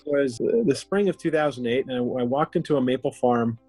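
A man's voice: medium pitch, brisk, a little mellow, breathy edge, soft background music. A man who founded a company, telling its origin story in a podcast interview and acting out quoted dialogue as he goes.

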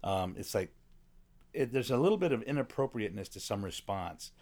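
A man's voice: on the low side, big pitch swings, fairly quick, darkish tone. A man in casual conversation, asking questions and offering his own reflective take. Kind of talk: casual chat.

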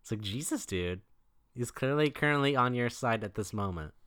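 Laid-back male co-host recapping a movie, lively pitch, bright tone, dry mic. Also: moderate pace, dry recording. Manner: laid-back, recaps plot with filler words. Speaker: podcast co-host. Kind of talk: casual movie recap chat.

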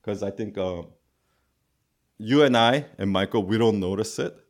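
A man with a somewhat low, calm voice talks on a podcast in a loose, rambling way. His speech is full of filler words, and listeners find the sound of him soothing. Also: normal speed. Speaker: podcast co-host. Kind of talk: casual chat.

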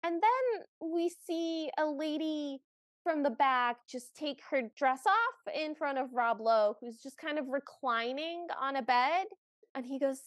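Podcast co-host, female, high voice, dry close sound; animated movie recapper. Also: unhurried, no echo. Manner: animated, acts out characters' lines in quotes. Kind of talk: casual chat recapping a movie.

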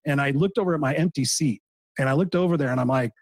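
A coach from Southern California talks fast in a fairly high-pitched voice on a podcast. Speaking from the heart about personal loss, he often restarts his sentences as he tells his emotional story.

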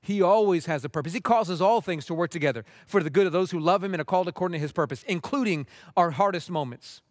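Impassioned high-voiced preacher. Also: male voice, fast, no echo, studio quality. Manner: impassioned, shifting from urgent to hushed. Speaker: pastor. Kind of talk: sermon.

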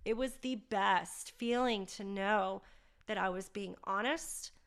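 Female host, candid and animated storyteller, some vocal fry. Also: mid-range voice, slow. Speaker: podcast host. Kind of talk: personal storytelling.

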